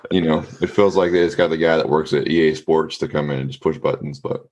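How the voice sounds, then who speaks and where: A man co-hosting a sports podcast in casual chat, rambling with lots of fillers and getting animated when he retells a story. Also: very deep voice, fast, lo-fi sound.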